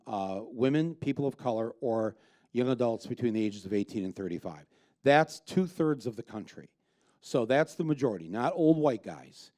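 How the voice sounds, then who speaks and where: A man's voice: on the low side, dark tone. A man speaking as a filmmaker guest in an onstage conversation before an audience, blunt and emphatic, with frequent restarts. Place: live event with an audience.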